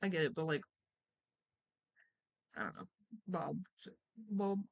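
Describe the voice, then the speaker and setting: A woman's voice: low voice, lively intonation, slow, dull audio. Young female streamer, casual read-aloud, giggly rambling asides.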